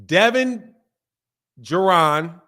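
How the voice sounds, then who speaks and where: This boxing channel host, who has a Philadelphia accent, speaks very slowly as he reads viewers' super chats during a laid-back livestream. He has a high voice for a man and playfully, animatedly says one phrase again and again.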